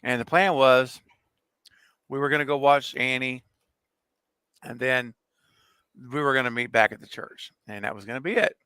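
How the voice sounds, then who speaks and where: A bright, forceful male voice tells a story with energy and frequent laughs. He is in his forties and chats casually on a livestream, recorded dry and close with no room sound. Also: mid-range voice, normal speed, long pauses, clean tone, no room sound. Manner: animated storyteller, laughs often. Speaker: co-host.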